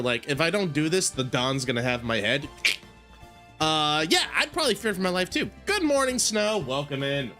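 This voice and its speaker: A male streamer rambles through a casual livestream, cracking self-deprecating jokes and greeting his chat. His voice bounces around with lively pitch swings and a bright, forceful tone. Soft music hums faintly in the background. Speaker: game streamer.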